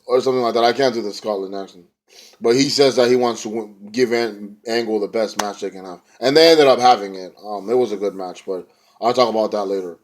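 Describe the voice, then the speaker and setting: A young man with a lowish voice talks a little fast while casually retelling a wrestling show. His recap rambles, packed with slang, with occasional imitations of the wrestlers.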